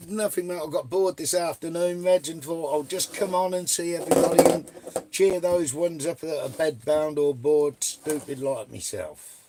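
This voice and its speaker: A man's voice: fairly high pitch, a little slow, warm tone, a little hiss or hum. A man hosting a live stream in casual chat, greeting viewers by name and swearing freely.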